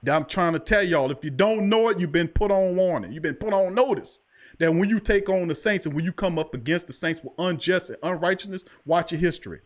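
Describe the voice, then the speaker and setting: A man's voice: high voice, a little fast. A man hosting a sports talk show, speaking in an impassioned, preachy way and repeating himself for emphasis. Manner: preachy, emphatic, repeats "I'm telling you". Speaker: podcast host.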